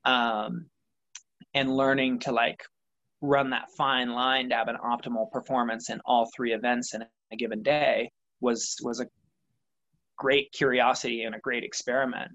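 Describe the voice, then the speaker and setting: A man's voice: mid-range voice, level tone, measured pace, fairly bright tone. Reflective man, slightly dull recording. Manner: thoughtful, rambling with many fillers. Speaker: interview guest, triathlete. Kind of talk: reflective conversational interview.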